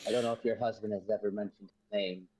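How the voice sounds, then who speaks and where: A man playing in a tabletop game, speaking in a hesitant, halting way. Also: on the low side, fairly even intonation, dark tone, a little hiss or hum. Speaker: player. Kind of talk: casual tabletop game play.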